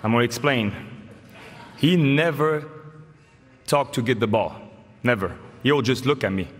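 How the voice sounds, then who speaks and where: A man's voice: medium pitch, a little slow. French-accented man joking from a podium. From France. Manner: joking, storytelling. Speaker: honoree giving an induction speech. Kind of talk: acceptance speech. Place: large hall. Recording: reverberant hall with faint ambience.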